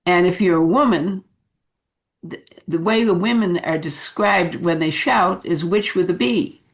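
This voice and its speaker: A woman leadership coach giving advice in an unhurried talk, with many fillers and restarts. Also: fairly low pitch.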